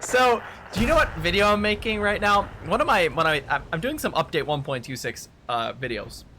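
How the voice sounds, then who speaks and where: Male gaming host, slightly high voice, casual and agreeable, noisy call audio. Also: lively intonation, a little fast.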